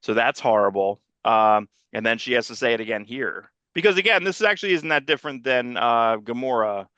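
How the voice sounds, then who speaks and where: A man talks through a movie scene by scene in a relaxed podcast chat, circling back and restarting his thoughts. His mid-range voice sounds close and dry, with a slightly muffled lo-fi tone. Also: medium pitch, fairly quick, no echo. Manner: rambling, restarts and trails off mid-sentence. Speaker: podcast co-host. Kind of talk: casual chat reviewing a movie.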